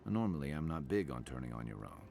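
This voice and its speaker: An actor playing a gruff, blunt male warrior companion in a video game, speaking in steady warnings. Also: very deep voice, quick pace, full character voice. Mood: grave warning. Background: game music.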